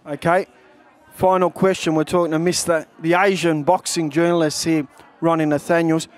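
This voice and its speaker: A man hosting a boxing show, asking questions in an energetic, loud way. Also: fairly high pitch, moderate pace, some chatter behind. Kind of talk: interview.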